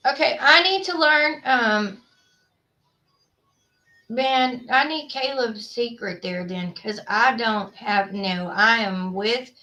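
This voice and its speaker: Her voice sits on the high side with a sharp tone as she hosts a livestream. She chats casually with viewers, rambling and using lots of fillers.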